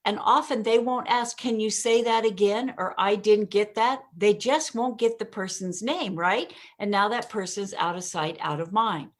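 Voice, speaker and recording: Female communication coach, podcast guest, emphatic pause-and-punch delivery. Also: mid-range voice. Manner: often addresses the host by name. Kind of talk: podcast interview, coaching explanation.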